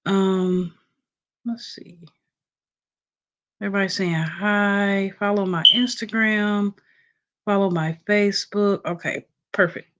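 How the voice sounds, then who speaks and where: Woman, livestream host, just woke up, casual, mid-pitched, lots of ums. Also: fairly even intonation, slow pace, pauses often, a bit bright, highs cut off. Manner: reads from a list with many ums, chatting with viewers.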